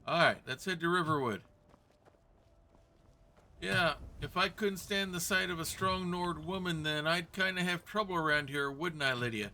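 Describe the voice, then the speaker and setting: Bright-voiced chatty man playing a game. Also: on the high side, normal speed, a little hiss or hum. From Kentucky. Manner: chatty, talks to viewers and characters. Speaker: gamer role-playing as himself. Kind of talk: let's-play commentary.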